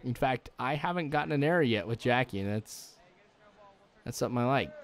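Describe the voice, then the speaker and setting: A man's voice: medium pitch, expressive, fairly quick. Chatty young man commentating a baseball game. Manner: rambling and chatty, full of likes and ums. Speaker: gaming channel host. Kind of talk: let's play commentary.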